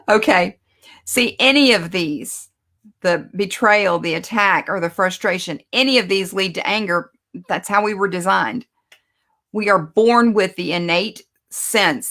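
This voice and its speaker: A woman giving a conversational sermon, telling stories and slowing down to stress her points. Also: medium pitch, a bit bright. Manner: conversational, storytelling, self-deprecating asides. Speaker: speaker teaching a Bible lesson.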